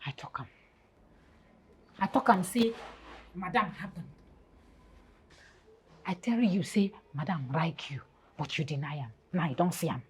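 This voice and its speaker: A woman's voice: lowish voice, unhurried, pauses often, husky. An actress playing a jealous young woman who speaks Nigerian Pidgin and confronts her lover in a film. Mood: reproachful. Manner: accusing, emotional pidgin talk.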